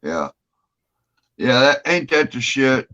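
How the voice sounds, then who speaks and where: A man's voice: mid-range voice, very animated, takes it slowly, pushed and bright. A man telling a long story in casual chat, rambling and swearing freely. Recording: dull lo-fi audio.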